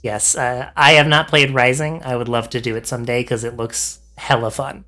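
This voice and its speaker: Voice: mid-range voice, level tone, normal speed, bright, forceful tone, faint music behind. A host in a casual interview chat who often stammers and restarts sentences.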